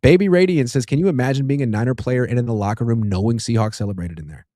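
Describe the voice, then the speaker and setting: A man's voice: mid-range voice, quick pace, mellow. A man in his thirties with a mid-range voice hosts a sports chat, reading out viewer comments and replying easily. The recording is dry, with no room echo. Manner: easygoing, reads super chats aloud. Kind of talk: casual sports talk.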